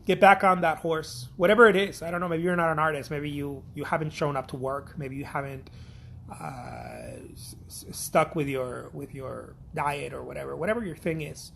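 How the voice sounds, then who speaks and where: A man's voice: on the high side, steady tone, moderate pace, gravelly, a bit bright, slight background noise. A man from Mexico, an artist giving a blunt, profane, repetitive pep talk in a casual vlog.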